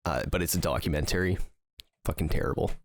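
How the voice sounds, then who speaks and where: Low-voiced guy on a podcast, rambly storyteller, lots of likes and ums, dry close mic. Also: quick pace, no echo. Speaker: podcast co-host. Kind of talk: casual chat.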